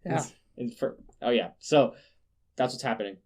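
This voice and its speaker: A man hosting a casual news podcast, sarcastic and quick to laugh, often restarting his words. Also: medium pitch, a little mellow. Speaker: podcast host.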